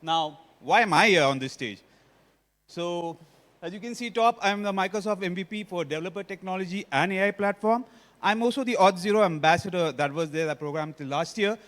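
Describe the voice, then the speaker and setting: A man's voice: high voice, brisk, fairly bright tone. A man with an Indian accent giving a technical conference talk, often quizzing the audience. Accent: Indian English. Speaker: conference speaker. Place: conference hall stage. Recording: long reverb of a conference hall.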